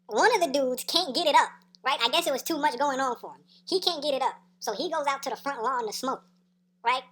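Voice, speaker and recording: A woman with a fairly high voice spins a personal story time tale in loose, profane slang. She keeps checking in with "right?" and breaks into laughs between beats. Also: brisk, fairly bright tone. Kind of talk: casual story time monologue.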